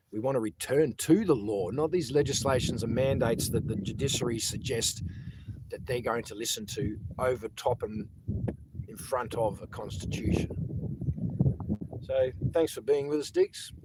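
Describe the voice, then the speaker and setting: A man with an Australian accent talks casually into his phone outdoors. His delivery rambles and circles back on itself as he repeats words and greets viewers by name. A faint hiss sits under the voice. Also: medium pitch. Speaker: live streamer and protest organiser. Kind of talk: casual live-stream chat. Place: outdoors on a sunny day.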